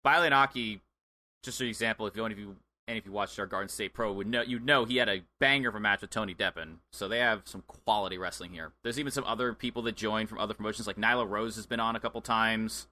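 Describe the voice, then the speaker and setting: Excitable bright-voiced male podcast co-host. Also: lowish voice, quick pace. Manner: excitable, chatty, filler-heavy. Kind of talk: casual chat.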